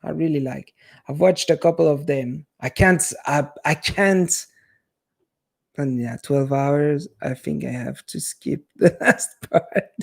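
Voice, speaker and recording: Here a man with a French accent, half Italian by background, chats loosely with viewers on a live stream. He speaks slowly in a slightly high voice with vocal fry, rambling and restarting often.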